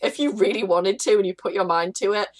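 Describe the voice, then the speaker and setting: A woman co-hosting a podcast, ranting excitably and swearing a lot. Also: medium pitch, brisk. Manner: excitable, sweary, acts out voices in rants. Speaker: podcast co-host. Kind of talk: casual podcast chat.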